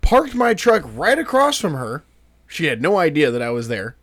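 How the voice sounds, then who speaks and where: A man's voice: fairly high pitch, moderate pace, no echo. A man with a Southern US accent, a podcast co-host telling stories in casual chat. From Southern United States. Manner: animated storyteller who acts out quotes.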